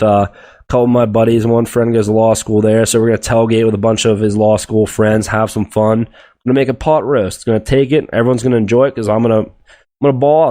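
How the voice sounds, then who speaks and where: A man's voice: medium pitch, mellow. A young man hosting a solo sports podcast, ranting bluntly and profanely about teams, players and the media. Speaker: podcast host.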